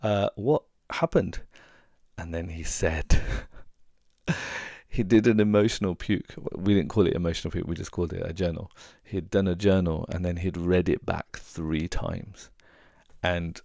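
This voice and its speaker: Man, very low gravelly voice, dry close sound; earnest coach who repeats himself for emphasis. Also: a little mellow, dry recording. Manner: earnest, repeats words for emphasis, many restarts. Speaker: relationship coach and hypnotherapist. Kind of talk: advice talk to camera.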